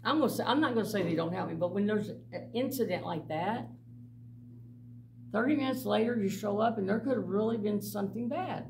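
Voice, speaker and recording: Gravelly middle-aged woman telling stories. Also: medium pitch, brisk. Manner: animated storytelling, laughing often, blunt. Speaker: mission director. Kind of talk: personal testimony to a church group. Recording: distant mic with faint background noise.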